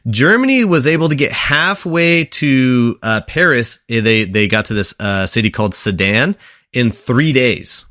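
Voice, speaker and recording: Talking a little slowly in an expressive, slightly bright mid-range voice, this young podcast co-host walks his friends through a history tale. He rambles, stops and restarts, fills gaps with ums, and quizzes them along the way; the recording is dry and studio-clean.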